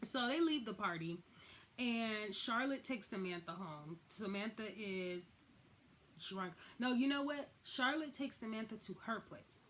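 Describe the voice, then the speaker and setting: A woman's voice: on the high side, animated, a little slow, a bit bright, a little hiss or hum. A woman giving a casual, slangy recap of a TV episode, acting out the characters' lines as she goes. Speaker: recap vlogger.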